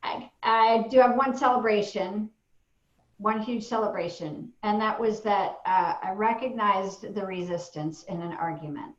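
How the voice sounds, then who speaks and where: Woman participant, self-deprecating, halting speech, echoey dull call recording. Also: mid-range voice. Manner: candid, rambling, self-deprecating, with many fillers. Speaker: training participant and parent. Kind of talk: candid sharing in a group call.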